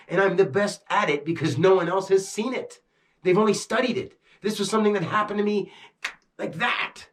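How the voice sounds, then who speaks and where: Amped-up man ranting to camera. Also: a little high. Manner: intense, amped up, agitated; profane, swings between fast bursts and slow emphasis. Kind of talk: rambling talk to camera.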